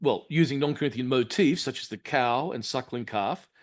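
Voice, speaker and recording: Male university lecturer, articulate and measured, mid-range voice, lecture-room delivery. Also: mid-range voice. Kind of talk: academic lecture.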